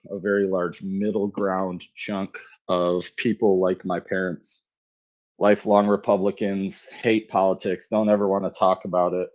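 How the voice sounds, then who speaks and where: A man with a very low voice speaks in a relaxed, conversational way, drifting through his points. The sound is dull and lo-fi, like an online audio stream. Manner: relaxed, conversational, rambling fundraiser pitch. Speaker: co-host of a live audio space. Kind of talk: casual live chat.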